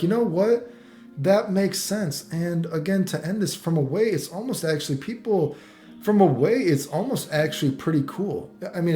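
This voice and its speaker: A man's voice: fairly high pitch, a little mellow, echoey room. A man vlogging casual commentary, rambling and swearing, full of fillers and restarts.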